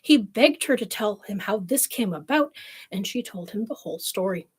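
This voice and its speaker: A woman reads fairy tales aloud in a clear storytelling voice, slipping into wry, snarky asides. Her tone is husky and breathy at mid pitch. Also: lively intonation, moderate pace. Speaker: storyteller streamer. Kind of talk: reading fairy tales with commentary.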